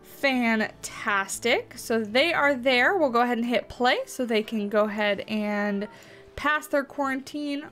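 Lady doing casual game commentary, kinda high voice, chatty, faint music in the back. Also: measured pace, fairly bright tone. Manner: chatty, reacts aloud to the game. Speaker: let's play host.

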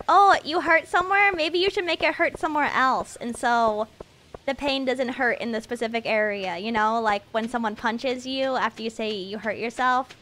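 A young woman streaming a video game live, rambling and joking at herself, swinging from mumbled asides to loud excited bursts. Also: on the high side. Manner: rambling, self-mocking, jumps between mumbling and loud excitement. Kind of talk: live gameplay stream chatter.

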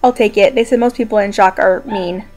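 A woman's voice: medium pitch, a little fast. A young woman talking casually to her viewers from home while injured and in pain, rambling but upbeat. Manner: chatty, rambling, quietly upbeat despite pain. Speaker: video blogger. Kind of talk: casual personal vlog. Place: downstairs room at home.

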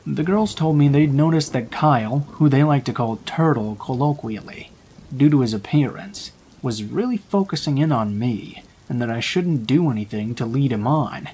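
A man reading a true scary story aloud in a calm, measured storytelling voice. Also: mid-range voice, a little hiss or hum. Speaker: narrator. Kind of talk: scripted horror story narration.

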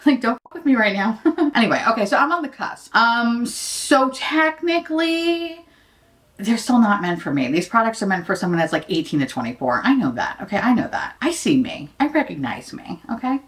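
A woman's voice: on the high side, very animated, normal speed. A woman in her late thirties chatting as a beauty vlogger, brash and profane, mocking herself and laughing often. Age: late 30s. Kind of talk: casual chat.

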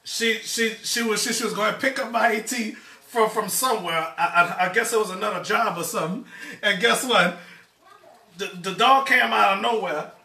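A man hosts a casual cooking live stream from his home kitchen, stammering and chatting with viewers. His voice is high and bright. He is a bit away from the mic in an echoey room. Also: moderate pace, gravelly, far from the mic. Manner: stammering, repeats words, addresses viewers as y'all. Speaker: cooking show host.

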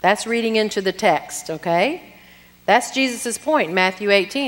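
Middle-aged woman speaker, animated sermon, asides to the audience, long hall echo. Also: mid-range voice, normal speed. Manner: lively teaching with asides to the audience. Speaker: women's conference speaker. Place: conference hall.

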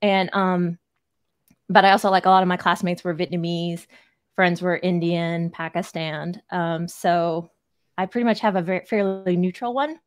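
A woman's voice: lowish voice, fairly even intonation, normal speed. A woman from Texas with a mild Texan accent, co-hosting an interview and chatting casually. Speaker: co-host.

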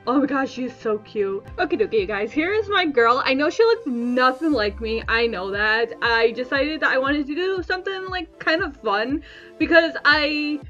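A woman's voice: sits high, fairly bright tone, muffled recording. A woman giving bubbly, giggly, chatty commentary while playing a video game. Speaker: gaming YouTuber. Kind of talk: casual let's-play commentary.

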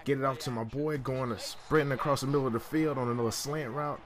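A man giving casual play-by-play commentary over his own video game, hyped and full of slang, his voice jumping up into sudden high yelps. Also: steady tone, quick pace, crowd noise. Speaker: gaming YouTuber.

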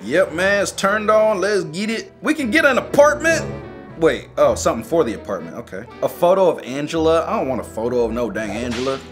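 Animated young man doing game commentary. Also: a little high, a little fast, over music. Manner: animated, joking reactions with sound effects. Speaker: YouTuber playing a mobile game. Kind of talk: casual gameplay commentary.

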